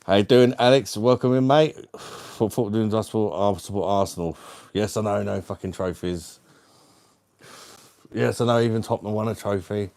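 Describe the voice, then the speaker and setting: A man from the UK hosts a casual livestream. He chats with viewers and reads their comments aloud. His voice sits fairly low, and his banter is crude and matey. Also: normal speed, a little mellow. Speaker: livestream host. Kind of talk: casual live chat reading viewer comments.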